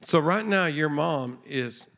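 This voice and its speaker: His voice sits on the high side, a bit bright, with lively intonation, and he goes slowly. He's a guest preacher on a church stage, giving a conversational sermon to the congregation and acting out the dialogue in his story.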